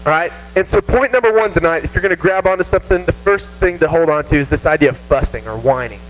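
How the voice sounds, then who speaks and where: High-voiced Southern youth preacher. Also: male voice, fast talker, faint music behind, low-quality recording. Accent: Southern American. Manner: animated, self-mocking, acts out whiny voices. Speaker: youth pastor. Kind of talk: casual youth sermon. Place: church youth room.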